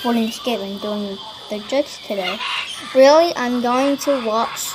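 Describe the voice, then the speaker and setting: A man voicing an excited, childlike chatterer in a high, gossipy voice, recorded outdoors. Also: unhurried, noisy background.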